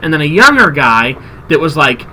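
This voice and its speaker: A man's voice: on the high side, normal speed, a little hiss or hum, rough recording. A man hosting a podcast, telling a story in casual chat and acting out the people in it. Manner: animated storyteller, acts out quotes. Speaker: podcast host.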